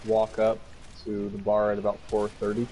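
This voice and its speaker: A relaxed young man with a slightly low voice chats idly over his headset as he plays, cursing without heat. A faint noise hangs behind the recording. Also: moderate pace, low-quality recording. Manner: laid-back, profane. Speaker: gamer. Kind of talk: casual gaming chat.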